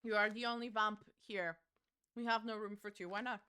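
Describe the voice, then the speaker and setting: A woman's voice: medium pitch, fairly even intonation, normal speed, bright, forceful tone, clean tone. A young woman streaming a game, chatting casually with her chat, giggling and swearing.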